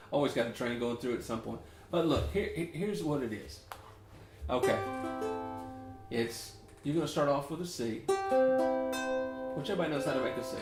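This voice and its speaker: A man's voice: mid-range voice, lively intonation, normal speed, long pauses, over loud music. A middle-aged man from Memphis with a Southern US accent, rambling in a folksy, chatty way as he teaches ukulele at home, often chuckling. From Memphis, Tennessee. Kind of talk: casual chatty tutorial. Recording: roomy echo.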